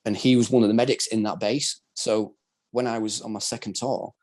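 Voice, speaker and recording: A man's voice: lowish voice, fairly even intonation, brisk, darkish tone. A man from Britain, a former soldier, telling his story as a podcast guest in a candid, rambling, casual way, full of filler words. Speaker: guest, former soldier and wheelchair rugby player.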